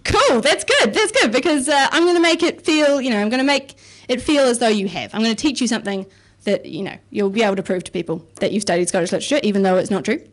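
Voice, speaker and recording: A woman's voice: fairly high pitch, fast, few pauses. A woman performing a self-mocking stand-up set on a comedy club stage, chatty and casually swearing. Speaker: stand-up comic and researcher.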